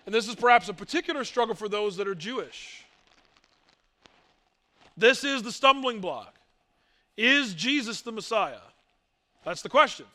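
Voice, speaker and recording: A man's voice: high voice, bright, forceful tone. A male pastor preaching a sermon, emphatic, asking rhetorical questions and mimicking doubters.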